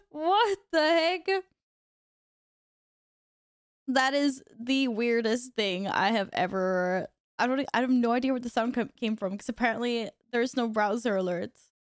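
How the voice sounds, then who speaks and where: A woman's voice: a little high, normal speed, no echo, studio quality. A woman streamer chatting casually with her viewers while gaming at home, laughing often and reacting aloud.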